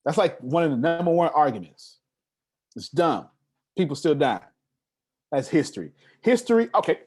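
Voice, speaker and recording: A man speaks at a live seminar with a lively, swinging pitch. He hammers points home by repeating words and keeps asking his small audience whether they follow. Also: slightly rough. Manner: emphatic, preacher-like repetition and questions to the audience. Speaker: motivational speaker.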